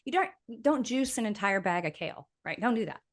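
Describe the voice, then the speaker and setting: A woman speaking as a guest health expert, confident and emphatic, explaining research with quick asides and "right?" checks. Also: medium pitch, very animated.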